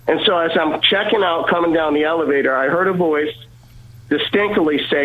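A man's voice: on the high side, normal speed, phone-quality sound. A male guest earnestly telling a personal faith story, repeating words and acting out the voices of people in it.

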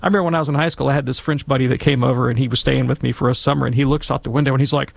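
A man answering listener questions on a call-in radio show, talking in long discursive asides with animated storytelling. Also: medium pitch, very fast, gravelly, no room sound. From Alabama, US. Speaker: Catholic apologist guest expert. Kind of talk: conversational radio Q&A.

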